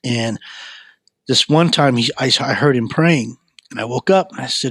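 Man, mid-range voice, earnest storyteller, halting repeats, dry booth-like sound. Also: mid-range voice, fairly bright tone, breathy edge, dry recording. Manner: earnest, frequent stammered repeats. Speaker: guest sharing his life story. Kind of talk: personal testimony storytelling.

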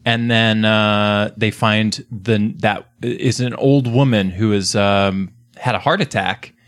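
A man's voice: lowish voice, fairly even intonation, slow, dry recording. Rambling male podcast co-host. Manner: rambling, hesitant with fillers. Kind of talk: casual podcast chat.

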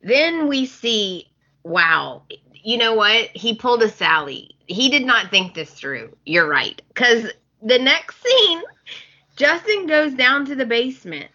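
A woman's voice: on the high side, animated, slow, pushed and bright, husky, dull audio. A woman co-hosting a casual podcast, retelling soap opera scenes and acting out the characters' lines. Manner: storytelling, acts out characters' lines. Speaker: podcast co-host.

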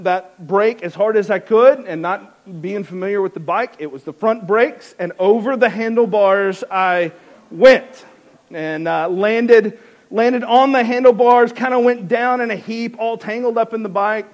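High-voiced man telling a wry story. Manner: wry, self-mocking, many restarts. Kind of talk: casual storytelling to an audience.

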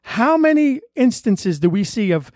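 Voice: mid-range voice, very animated, unhurried, a little mellow, no echo, studio quality. A co-host in a religious commentary discussion, speaking bluntly and arguing through rhetorical questions.

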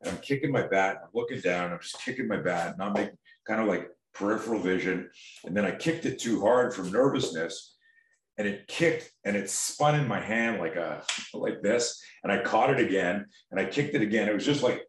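Deep-voiced man telling rambling stories. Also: expressive, moderate pace, slight background noise. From Canada. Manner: rambling, profane, many restarts and fillers. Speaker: guest, coach on fear. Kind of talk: casual interview storytelling.

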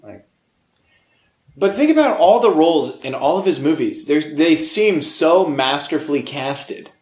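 A man's voice: fairly high pitch, animated, unhurried, echoey room. A young man co-hosting a casual podcast, enthusiastic, swearing and saying "dude" a lot. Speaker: podcast co-host. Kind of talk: casual chat.

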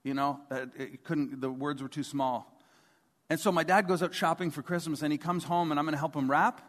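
A man, a pastor, delivering a sermon to his congregation in a relaxed, conversational way, often asking the room rhetorical questions. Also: a little high, brisk. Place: large church hall before a congregation. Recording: long reverb of a large hall.

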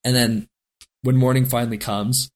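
A man's voice: mid-range voice, little pitch movement, normal speed. A man, a guest on an interview show, telling a story in a casual, rambling way and laughing often. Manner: rambling, laughing, acts out quoted lines.

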